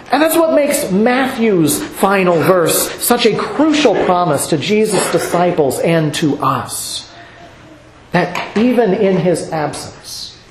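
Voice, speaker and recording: A preacher delivering a sermon in a measured, emphatic way. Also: medium pitch, echoey room, rough recording.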